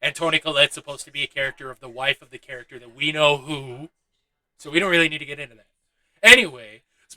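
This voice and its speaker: A man's voice: a little high, sharp tone, dry recording, rough recording. A young man giving a loose, chatty movie review, swearing freely and laughing at his own asides. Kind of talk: casual spoken film review.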